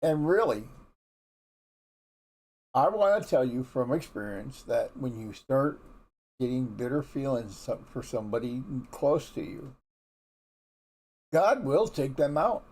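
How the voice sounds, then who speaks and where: A man's voice: mid-range voice, very animated, measured pace, long pauses, a little mellow, slightly rough. A man giving a casual morning Bible devotion in a frank, folksy, conversational way, often restarting his sentences. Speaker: devotional teacher.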